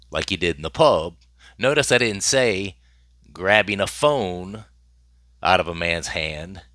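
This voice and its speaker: A man's voice: sits low, pushed and bright, no echo, studio quality. A man hosting his own channel, commenting on celebrity news in a casual, emphatic way and repeating phrases for effect.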